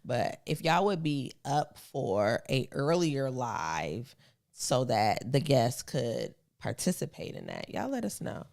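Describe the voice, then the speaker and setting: A woman's voice: rumbling low, slow, vocal fry. A woman co-hosting a podcast live, chatting casually and laughing with viewers. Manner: relaxed, giggly, chats directly with the audience. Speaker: podcast co-host. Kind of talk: casual live-stream chat.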